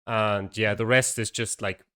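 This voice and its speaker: Low-voiced man co-commentating a game. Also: steady tone, measured pace, pushed and bright. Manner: chatty, self-correcting, laughs easily. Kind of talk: casual esports commentary.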